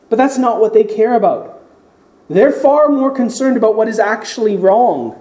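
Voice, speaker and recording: A man's voice: high-pitched, expressive, moderate pace, mellow, echoey room, low-quality recording. A man preaching a sermon as pastor, explaining scripture and acting out the voices in the story.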